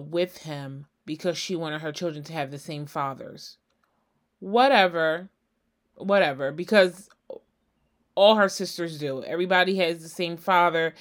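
A woman hosts her own casual gossip podcast. She talks solo, blunt and sassy, swearing freely and speaking directly to the people she is talking about. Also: deep voice. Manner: sassy, blunt, talks straight at the person discussed. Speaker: podcast host.

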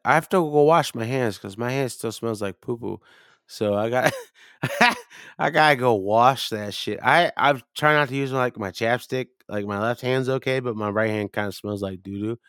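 Drunk, gravelly man ranting and swearing. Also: mid-range voice, animated, normal speed, no room sound, clean studio sound. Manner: profane, loud, rambling, acts out the people in his stories. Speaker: podcast co-host. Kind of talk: drunken rambling storytelling.

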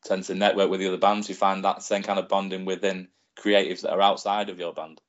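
A man's voice: sits low, little pitch movement, fast talker. A man hosting a casual interview, asking long, earnest questions. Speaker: podcast host. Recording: dull lo-fi recording.

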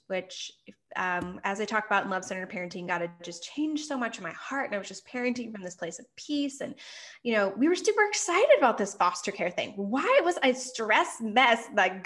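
A woman's voice: mid-range voice, a bit bright. A woman in her thirties, a parenting author, telling an earnest personal story in an interview and acting out quoted lines.

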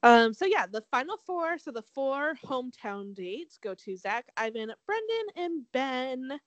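A young woman from Southern California co-hosting a podcast, recapping a show in quick, animated casual chat and swearing freely. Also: high-pitched, dry recording, highs cut off. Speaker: podcast co-host.

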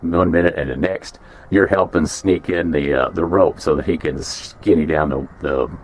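A man's voice: very deep voice, moderate pace, slight background noise. A man and former prison officer telling stories casually, rambling with many fillers and restarts. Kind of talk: casual storytelling.

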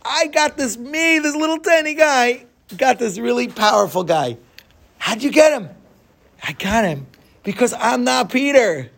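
A man's voice: a little high, steady tone, moderate pace, creaky, fairly bright tone. A man doing a tiny, sly little bar patron. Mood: gleeful. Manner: stammering, then gleeful. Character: small timid man, secretly triumphant.

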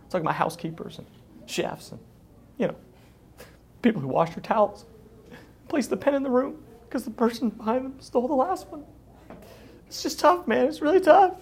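A man lampooning a wealthy financier who sounds close to tears, whining and pleading in a voice pushed far above his own natural pitch. It climbs higher and thinner as he frets, sliding into a strained, quavering tone. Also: lively intonation, normal speed, long pauses, husky, full character voice. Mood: mock worried. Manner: fretful, pleading, mock-sorrowful. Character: whiny, near-tearful wealthy male financier.

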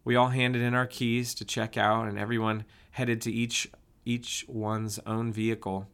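A man narrating a first-person story in a steady, plain way. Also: mid-range voice, unhurried, clear, resonant tone. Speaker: audiobook narrator.

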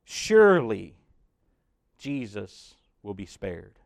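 A man preaching a dramatic sermon that walks the listener through the scene as "you", swelling loud and then dropping to a hush. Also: on the low side, sing-song, slow pace, gravelly, no room sound, studio quality. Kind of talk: dramatic guided sermon narration.

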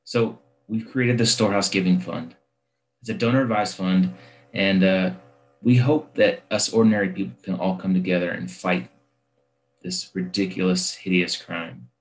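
Deep-voiced man with an earnest appeal. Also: steady tone, moderate pace, poor audio. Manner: earnest, persuasive. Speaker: podcast host. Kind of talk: sponsor-style appeal read.

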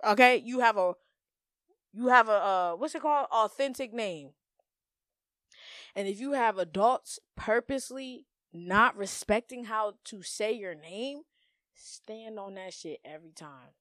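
A woman's voice: medium pitch, measured pace, a bit bright, dry recording, clean studio sound. A young woman hosting a podcast, giving blunt, profane, emphatic advice in slangy casual talk. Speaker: podcast host. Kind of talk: casual monologue.

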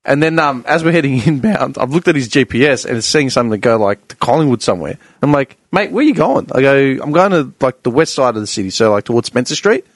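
Animated man telling a story. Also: mid-range voice, fast, few pauses, no echo. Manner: animated, acts out both sides of dialogue. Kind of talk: casual storytelling chat.

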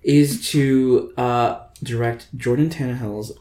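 A man's voice: mid-range voice, steady tone, slow pace, dark tone. Rambling man in his twenties, roomy sound. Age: 20s. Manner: rambling, many "like" fillers, theatrical. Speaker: podcast host. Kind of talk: casual chat. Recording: roomy echo.

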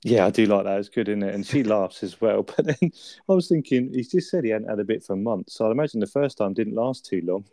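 A man's voice: on the low side, fast, warm tone, no room sound, studio quality. A young man co-hosting a casual chat about a sitcom episode, laughing often and acting out quoted lines. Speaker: podcast co-host.

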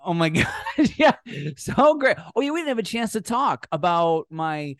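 A man co-hosts a relaxed podcast, trading teasing banter and breaking into giggles. His pitch swings freely up and down, and the sound is dry and close with no room around it. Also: a little slow, no room sound. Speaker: podcast co-host. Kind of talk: casual chat.

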